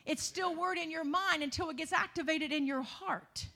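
A woman preaching a sermon in a very high, bright, forceful voice. She talks to the congregation in a conversational way, then builds to loud, climbing emphasis and calls of hallelujah. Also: normal speed.

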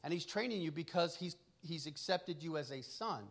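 A middle-aged man preaching a relaxed, conversational sermon, telling family stories with chuckles and frequent restarts. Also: fairly high pitch, normal speed, vocal fry.

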